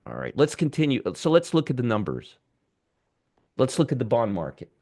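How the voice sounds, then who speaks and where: A man's voice: medium pitch, huge pitch swings, moderate pace, a little mellow. A man hosting live market commentary, ranting sarcastically and muttering over charts as he reads them.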